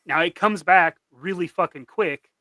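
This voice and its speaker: A man with a higher, bright, tense voice talks casually and reflectively, swearing now and then. The sound is dry and close. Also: normal speed, dry recording. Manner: reflective, profane. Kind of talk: casual chat.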